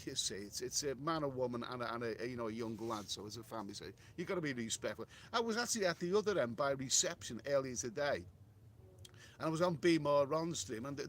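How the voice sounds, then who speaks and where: A man's voice: mid-range voice, a little hiss or hum. A middle-aged man hosting a casual live stream, reading viewer comments aloud and answering in a rambling way, with many repeated words and restarts. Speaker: travel livestream host reading viewer chat. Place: hotel room.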